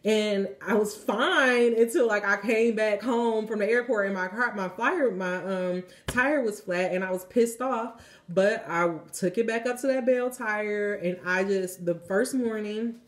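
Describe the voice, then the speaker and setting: A woman's voice: medium pitch, measured pace. A young woman, a tarot reader telling a story in a chatty, casual way, full of "like" and "you know", with the odd swear word. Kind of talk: casual spiritual vlog talk.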